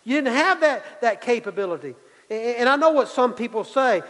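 A man's voice: very high-pitched, lively intonation, moderate pace, a bit bright, in a large hall, rough recording. A man preaching a sermon, repeating his key points for emphasis and building in intensity. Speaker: pastor.

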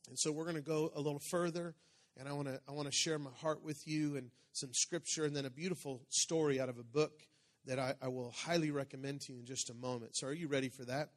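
A man's voice: on the high side, fairly even intonation, fast talker. A middle-aged male pastor preaching a sermon in a conversational way, calling out to the congregation and joking. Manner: conversational preaching with crowd call-outs and jokes.

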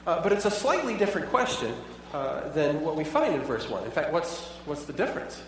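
A man's voice: a little high, very animated, brisk. A pastor preaching a sermon in a conversational way, asking his listeners many rhetorical questions. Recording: echoey hall, voice from far off.

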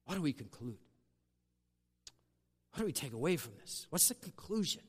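A man preaching a sermon, swinging between loud, drawn-out emphasis and hushed asides. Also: fairly high pitch, big pitch swings, husky. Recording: long hall reverb.

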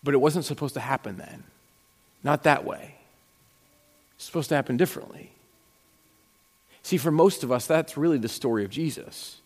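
A man's voice: medium pitch, normal speed, long pauses. A man preaching a sermon as a pastor, telling stories in a conversational way and acting out the dialogue. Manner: conversational storytelling with quoted dialogue. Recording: long hall reverb.

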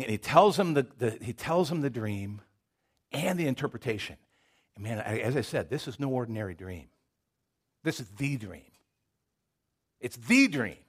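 A man's voice: medium pitch, husky. A man preaching a sermon in a conversational storytelling manner, addressing the congregation directly.

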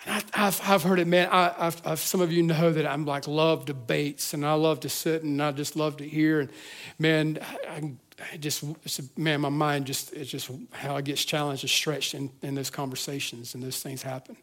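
A pastor preaching a sermon to his church, earnest, moving between hushed reflection and fervent emphasis with frequent restarts. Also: fairly high pitch, flat delivery, moderate pace. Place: church service.

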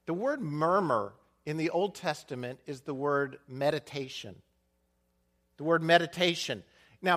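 Animated male preacher with lively pitch. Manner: animated preaching with dramatic dips to a quiet voice; acts out complaining people in a muttering voice. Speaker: pastor. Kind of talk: sermon.

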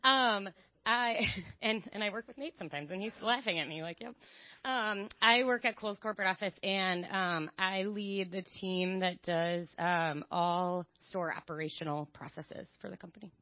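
A woman's voice: mid-range voice, normal speed, no room sound. A woman speaking as a church panel guest, hesitant, with frequent fillers. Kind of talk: unscripted testimony. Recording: dull dry sound.

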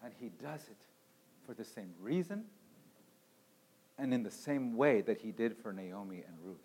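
A man preaching a sermon as pastor, swinging from quiet near-whispers to loud, emphatic passages. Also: lowish voice, lively intonation, normal speed, breathy edge. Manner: dramatic preaching with wide swings in volume.

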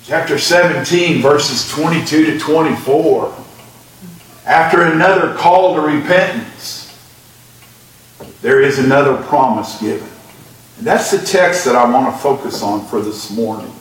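High-voiced male preacher in an echoey church. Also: a little slow. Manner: preaching with emphatic Scripture reading. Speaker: pastor. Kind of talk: sermon. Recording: echoey church sound from a distant mic.

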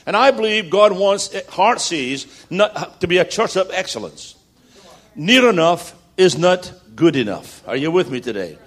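Guest preacher, male, higher-pitched, rousing and humorous. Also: lively intonation, unhurried. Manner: rousing, builds to loud repeated declarations; jokey storytelling asides. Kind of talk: sermon.

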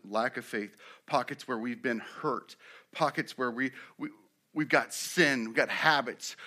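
A man preaching a sermon as pastor, animated, acting out quotes with sudden rises and drops in loudness. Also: medium pitch.

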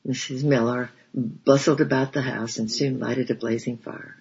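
A man narrating a storybook in a measured, steady reading voice. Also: mid-range voice, gravelly, husky. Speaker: audiobook narrator. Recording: dull lo-fi recording.

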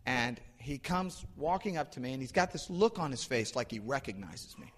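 A man's voice: mid-range voice, expressive, normal speed. A man preaching a sermon in a conversational, storytelling way, with frequent restarts. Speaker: pastor. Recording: long hall reverb.

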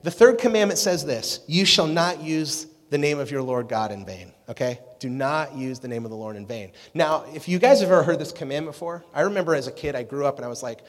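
A man preaching to a youth group, energetic and jokey, chatting with the crowd. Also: fairly high pitch, a little fast, few pauses. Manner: energetic, jokey, talks with the audience. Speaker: youth pastor. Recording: long reverb of a hall.

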